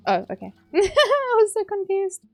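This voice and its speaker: A woman's very high voice swings hugely in pitch as she talks a little slowly over soft background music. She has a South African accent and rambles in a casual, laugh-filled chat while playing a game on a home stream.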